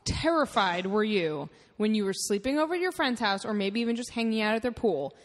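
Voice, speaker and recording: A woman's voice: medium pitch, expressive, a little fast. Dry-witted woman with a reverberant sound. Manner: dry, corrects and teases her co-host. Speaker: podcast co-host. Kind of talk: casual comedic chat.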